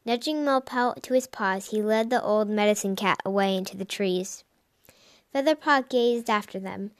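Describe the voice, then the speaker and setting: A woman narrating a storybook in a soft, even reading voice, with the odd slip. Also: mid-range voice, moderate pace. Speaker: audiobook reader.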